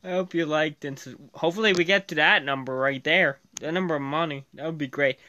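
Talking briskly in a fairly high voice, a Canadian gaming channel host races through a let's-play, his commentary excitable as he yells at the game.

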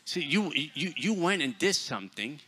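A man preaching a sermon in a church, blunt and forceful, dropping to hushed asides and then booming out. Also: slightly rough. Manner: forceful, blunt, swings between loud and hushed. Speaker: guest preacher.

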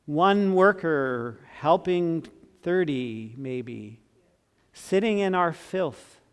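A man in his sixties preaching a sermon as pastor, earnest, swinging from emphatic to soft and tender. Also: on the high side, lively intonation, very slow, clear, resonant tone. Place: church sanctuary. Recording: long church reverb.

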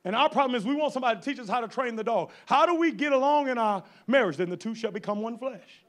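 A man preaching a sermon as pastor, folksy and fiery, at times rising to shouts. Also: very high voice, expressive, fast talker, few pauses.

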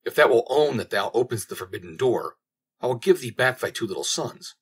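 A man's voice: mid-range voice, lively intonation, fairly quick, slightly rough. A man reading as the Virgin Mary, solemn and archaic.

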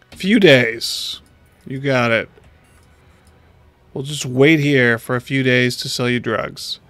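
Guy in his 30s streaming a game from home, slow easygoing chatter to chat, dry close mic. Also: mid-range voice, a bit bright, no room sound. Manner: chatty, talks to chat while playing. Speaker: livestreamer. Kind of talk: casual gameplay livestream chat.

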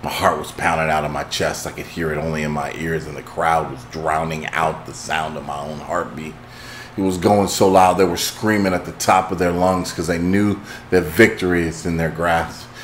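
Deep-voiced man telling an impassioned story. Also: steady tone, normal speed, a little hiss or hum. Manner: builds from hushed intensity to impassioned shouting. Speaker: host. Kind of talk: dramatic motivational storytelling.

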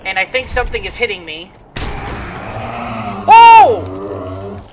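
A let's play host giving rambling gameplay commentary, full of fillers and excited exclamations. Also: mid-range voice, slow, noisy background.

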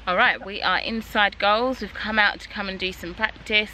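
A woman's voice: mid-range voice, fairly even intonation, moderate pace, pushed and bright, a little hiss or hum. A woman in her thirties hosting a family vlog, cooing and sing-song as she talks to her baby. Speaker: vlog host, mother. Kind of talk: casual family vlog chat.

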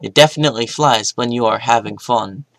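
A young man giving casual gameplay commentary, mostly mumbling to himself with sudden loud outbursts. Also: medium pitch, brisk, creaky, no room sound, rough recording. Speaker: gaming YouTuber.

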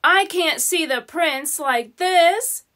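A woman voicing an excitable nearsighted young princess in a storybook, exclaiming and lively. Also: very high-pitched, takes it slowly, exaggerated voice. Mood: excited.

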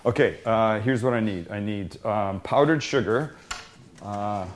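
A middle-aged man with a fairly low voice hosts a laid-back cooking demo in his home kitchen, talking a little slowly over a noisy background. He cracks jokes at his own expense as he works.

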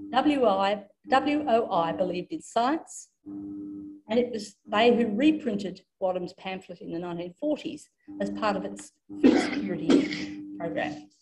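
A woman with an Australian English accent giving a formal academic lecture, reading in a measured way and now and then correcting herself. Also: medium pitch, darkish tone, poor audio.

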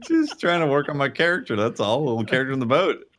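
A man's voice: mid-range voice, animated, fast talker, a bit bright, slight background noise. A man in casual multiplayer game chat, teasing with dry jokes. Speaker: gamer.

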